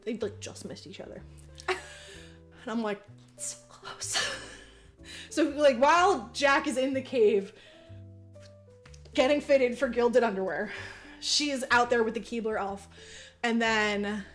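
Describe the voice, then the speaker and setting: A woman's voice: a little high, takes it slowly, pauses often, soft background music. A woman co-hosting a podcast, recapping a movie in casual chat, giggling, swearing freely and acting out the characters' lines. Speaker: podcast co-host.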